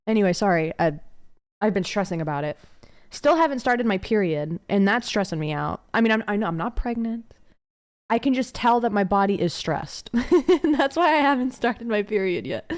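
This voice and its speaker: A young adult woman livestreaming, rambling casually to her chat with many fillers and curse words. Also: mid-range voice.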